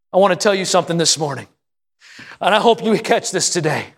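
A man pastor preaching a sermon at a church service, building to shouted emphasis and asking the congregation call-and-response questions. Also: high-pitched, animated, a little fast.

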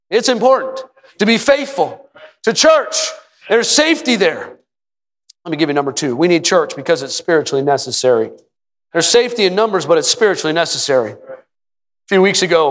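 Male pastor, high voice, emphatic repetitive sermon delivery, church hall echo. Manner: preaches with rising emphatic repetition, sometimes shouting. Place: church sanctuary. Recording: long hall reverb.

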